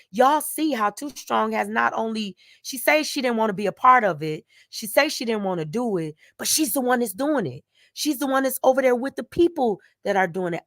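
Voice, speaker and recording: A woman's voice: mid-range voice, no room sound, clean studio sound. A middle-aged woman hosting her own channel, speaking in an emotional, emphatic monologue full of repeated vows and declarations. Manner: emphatic, repetitive, vowing and declaring. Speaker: channel host. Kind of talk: emotional direct-to-camera monologue.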